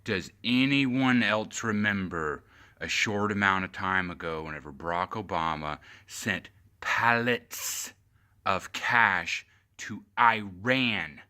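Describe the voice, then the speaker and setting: A man vents into his phone camera with a bright, forceful voice. His talk is heated, profane and sarcastic, and it often climbs to shouting. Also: deep voice, slow. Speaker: vlogger. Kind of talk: angry political rant to camera.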